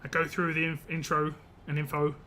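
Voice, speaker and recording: A man's voice: a little high, completely flat delivery, normal speed, bright, forceful tone, slight background noise. A young man streaming a game live, chatting casually with viewers, rambling and laughing often.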